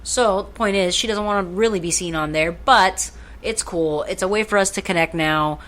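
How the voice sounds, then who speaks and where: A woman's voice: lowish voice, moderate pace, fairly bright tone. A woman co-hosting a podcast in casual chat, rambling and swearing freely. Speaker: podcast co-host.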